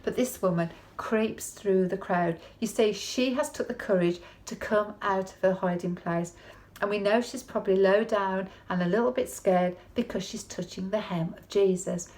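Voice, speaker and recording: Woman, conversational sermon, folksy, tag questions, mid pitch. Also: moderate pace, darkish tone. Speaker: preacher.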